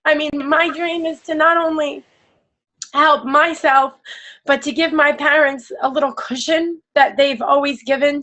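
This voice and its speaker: A woman with a high voice shares a personal struggle on a team call. She speaks haltingly and restarts often, sounding heartfelt throughout. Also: fairly bright tone. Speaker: team member. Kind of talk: sharing on a team conference call. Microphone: phone on a call.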